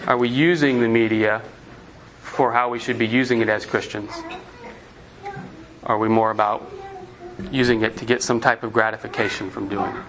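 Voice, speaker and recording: A man's voice: mid-range voice, steady tone, moderate pace, pauses often, a bit bright, a little hiss or hum. A man preaching a sermon as pastor, asking the congregation earnest rhetorical questions.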